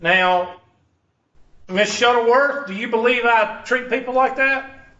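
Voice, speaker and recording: Guy teaching college math, jokey and folksy, kinda high voice, far off and echoey, muffled classroom recording. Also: measured pace, sharp tone. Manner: joking, folksy, addresses students by name. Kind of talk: first-day class talk to students.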